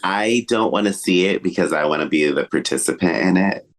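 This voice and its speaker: A man's voice: sits low, lively intonation, brisk. A man co-hosting a podcast, reacting playfully to a sitcom recap and laughing easily. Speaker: podcast co-host. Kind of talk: casual podcast chat.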